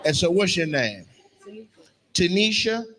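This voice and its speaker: A man with a fairly high voice works the crowd at a live comedy show, roasting audience members with brash, profane banter. He talks into a stage mic, and the room behind him is full of steady noise. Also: a little slow. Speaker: stand-up comedian doing crowd work. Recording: noisy live venue sound.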